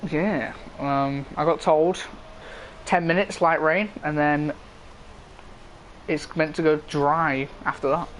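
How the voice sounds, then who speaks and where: A man's voice: a little high, steady tone, slow, long pauses, fairly bright tone, slight background noise, rough recording. A man co-commentating an online racing game, his voice straining as his throat gives out.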